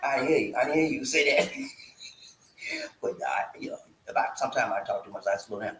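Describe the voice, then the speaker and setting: A man's voice: medium pitch, expressive, normal speed, long pauses, a bit bright, reverberant, a little hiss or hum, rough recording. A man hosting a casual live stream, playful and talkative, hyping his viewers with slangy call-and-response chants. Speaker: livestream host. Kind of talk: casual livestream chat.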